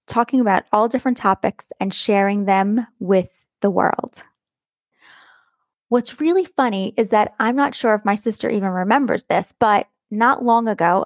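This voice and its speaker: Middle-aged woman, podcast host, warm and effusive, slight vocal fry, dry close mic. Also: fairly high pitch, dry recording. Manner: enthusiastic and affectionate, stretching words for emphasis. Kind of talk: warm motivational podcast monologue.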